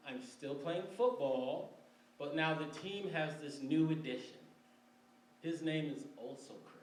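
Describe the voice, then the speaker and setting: A man from Michigan, in his forties, relates a personal story to an audience in a library event room, wry and conversational, laughing between lines. His voice is middle-pitched. It's a roomy live recording made from a distance, with echo and faint room noise.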